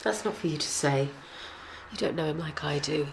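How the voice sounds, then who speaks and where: A woman's voice: low voice, moderate pace, vocal fry, slight background noise. An actress playing a woman who defends her troubled relationship earnestly in a TV drama. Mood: defensive. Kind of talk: TV drama acting.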